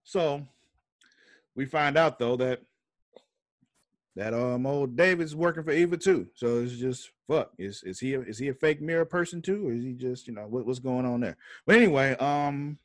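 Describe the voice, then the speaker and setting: A man's voice: medium pitch, expressive, normal speed, dry recording, studio quality. A man co-hosting a podcast in casual chat, laid-back and agreeable, swearing freely. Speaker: podcast co-host.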